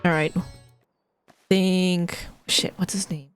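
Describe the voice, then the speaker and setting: A woman's voice: lowish voice, steady tone, takes it slowly, soft background music. A woman streamer chatting casually as she plays, joking at herself and swearing now and then. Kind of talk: casual live-stream chat. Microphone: streaming mic.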